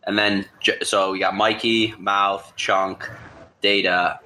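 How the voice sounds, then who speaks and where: A man's voice: on the low side, level tone, takes it slowly, pushed and bright, slight background noise, poor audio. A man in casual movie chat, making wry, joking asides.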